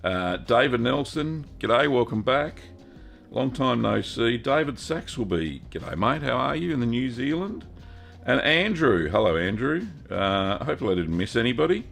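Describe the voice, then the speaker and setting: A man's voice: medium pitch, big pitch swings, normal speed, gravelly, fairly bright tone, soft background music. An Australian man hosting a live Q&A stream, chatting casually in a folksy way, greeting viewers by name and filling gaps with ums and uhs. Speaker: host of a cheese-making livestream.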